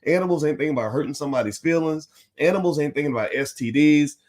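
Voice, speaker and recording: Animated man hosting a livestream. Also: on the high side, quick pace. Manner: animated, preachy, addresses chat directly. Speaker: host. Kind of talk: livestream commentary.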